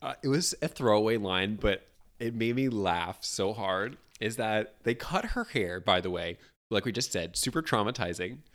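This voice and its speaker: A man's voice: lowish voice, expressive, normal speed, a bit bright. Chatty man with laughter in his talk. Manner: chatty, laughing, many filler likes. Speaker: podcast co-host. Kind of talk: casual movie review chat.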